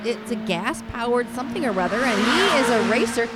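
A woman's voice: on the high side, lively intonation, brisk. A woman from the Midwest co-hosting a podcast, chatting in a bubbly, enthusiastic way. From Quincy, Illinois. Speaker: co-host, TV personality. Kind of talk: casual chat. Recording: outdoor recording with clear background noise.

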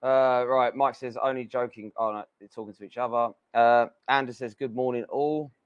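A man's voice: mid-range voice, steady tone, moderate pace, no room sound. A man co-hosting a casual livestream from a bar, laid-back, reading out viewer comments. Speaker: livestream co-host. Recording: dull lo-fi sound.

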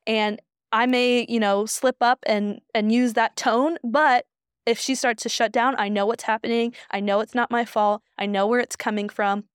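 A soft-spoken woman co-hosting a podcast, talking in a calm, reflective way. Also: a little high, clean tone, no room sound, studio quality. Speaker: podcast co-host. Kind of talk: casual chat.

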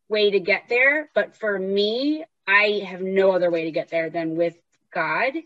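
A woman's voice: mid-range voice, no room sound, muffled recording. A woman talking casually as a podcast host, telling stories and acting out the voices in her head. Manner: chatty storyteller, acts out inner voices. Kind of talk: casual conversation.

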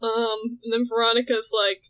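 Woman recapping a comic on a podcast, kinda high voice, does little voices for the characters. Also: moderate pace. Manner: animated storytelling, acting out characters' lines with laughs. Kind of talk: casual chat.

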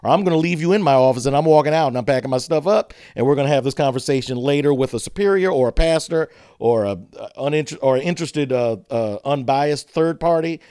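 A man with a voice pitched a little above the usual talks through workplace conflict in a casual host's manner. He is animated, tells stories, acts out what people said, and laughs easily, all in a dry, close recording. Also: fast talker, few pauses, clean tone, no room sound. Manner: animated storyteller who acts out quotes and laughs. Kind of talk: casual chat on leadership and conflict.

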